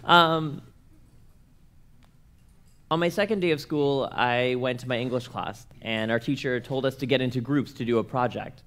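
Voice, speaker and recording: A man's voice: mid-range voice, normal speed, long pauses. A young man from Canada telling a personal story to an audience, acting out the voices of the people in it. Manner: animated, acts out quoted voices. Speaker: speaker at a church conference.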